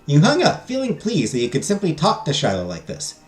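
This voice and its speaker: A man's voice: on the high side, wildly swooping pitch, a little fast, faint music behind. A man streaming a visual novel, reading the story text aloud and dropping crude joking asides. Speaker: game streamer. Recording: echoey room.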